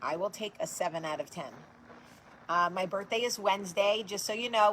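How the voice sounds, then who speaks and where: Woman in her forties from New Jersey, host of a live video chat, blunt and foul-mouthed, mid-pitched voice, faint hiss behind her. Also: fairly even intonation, moderate pace, a bit bright, low-quality recording. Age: 40s. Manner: blunt, profane and chatty; talks straight to viewers and answers their comments. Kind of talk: casual live-stream chat.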